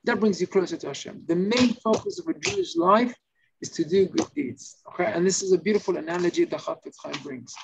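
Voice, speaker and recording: A male rabbi giving an informal Torah class, telling stories and acting out the shouting characters. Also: high-pitched, gravelly. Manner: animated storytelling, acts out shouting characters. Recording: slightly muffled recording with faint noise.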